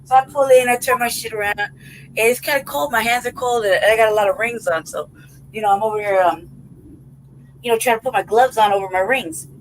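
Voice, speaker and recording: A woman's voice: a little high, fairly quick, a little hiss or hum, low-quality recording. A woman hosting a podcast, telling a rambling, profane story in casual chat. She keeps checking in with "right?" and "you know what I mean?" and laughs as she goes. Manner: laughs through her story. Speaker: podcast host.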